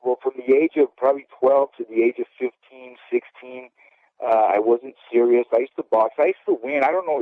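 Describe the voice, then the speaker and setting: A man's voice: mid-range voice, no echo. A middle-aged former boxer talks candidly, rambling through his memories and tagging lines with "okay?". His voice sits in an ordinary middle range. The sound is dry and thin, like a telephone line. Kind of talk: storytelling interview. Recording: dry, phone-like audio.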